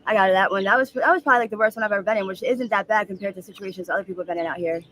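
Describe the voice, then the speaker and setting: A woman in her mid-thirties speaking frankly in a street interview, halting with many ums and likes. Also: medium pitch, fairly bright tone, slight background noise. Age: 30s.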